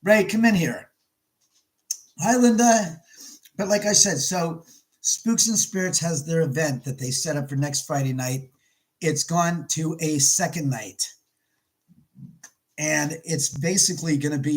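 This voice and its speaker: A man's voice: a little high, a little slow, long pauses, low-quality recording. A man hosting a casual live stream from his home, rambling and stopping to greet viewers by name. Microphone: camera mic on a live stream.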